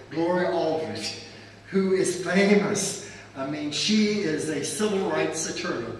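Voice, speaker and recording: An older man and pastor, telling stories to an audience in an animated, anecdotal way with asides. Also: on the high side. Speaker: pastor and guest speaker. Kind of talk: storytelling talk to an audience. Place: church event hall. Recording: echoey hall, from far off, faint hiss.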